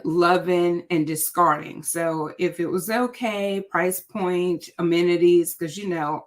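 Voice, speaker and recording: Rambling woman hosting a livestream. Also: on the low side. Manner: rambling, thinking aloud with many fillers. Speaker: livestream host. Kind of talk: casual livestream chat.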